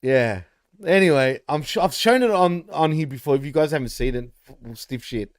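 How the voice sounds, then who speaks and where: A man's voice: a little high, lively intonation, moderate pace, no echo, studio quality. A man co-hosting a casual wrestling podcast, swearing freely, teasing and laughing often. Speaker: podcast co-host.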